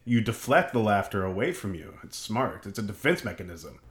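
A man's voice: lowish voice, big pitch swings, brisk. A man in casual conversation reviewing a film, talking in a hedging way with many fillers and restarts. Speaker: film podcast co-host.

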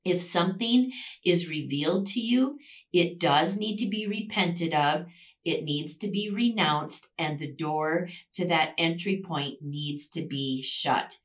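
A woman's voice: lowish voice, slow pace, distant mic. A woman hosting a Christian devotional podcast, teaching emphatically and repeating key phrases for stress.

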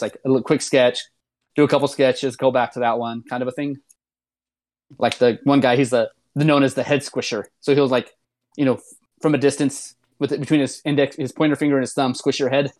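With a mid-range, slightly mellow voice, this man co-hosts a podcast about a comedy show. In casual chat he retells events at length, rambling loosely, restarting, and leaning on "um" and "like".

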